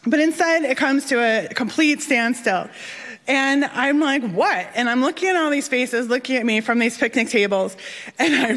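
Woman, live storyteller, animated, self-deprecating, fairly high voice, long hall reverb.

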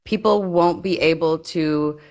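Fast-explaining woman researcher. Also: deep voice, darkish tone. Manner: quick, fluent explanations with fillers. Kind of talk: conversational interview answer.

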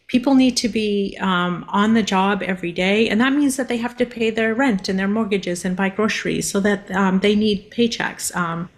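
A woman's voice: mid-range voice, moderate pace, few pauses. A woman from Massachusetts answering radio interview questions, hesitant with many ums and restarts. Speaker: guest, linguist.

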